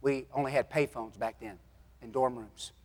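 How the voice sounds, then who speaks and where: A man preaching a sermon, telling folksy stories and swinging between loud exhortation and hushed moments. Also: medium pitch, steady tone, normal speed. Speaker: pastor. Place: church sanctuary. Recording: long hall reverb.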